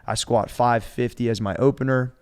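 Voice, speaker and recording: A man in his forties tells a story on a coaches' podcast in a casual, animated way. He acts out what others said and swears freely as he goes. His voice sits at an ordinary middle pitch for a man. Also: normal speed, clean tone. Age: 40s. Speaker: strength coach.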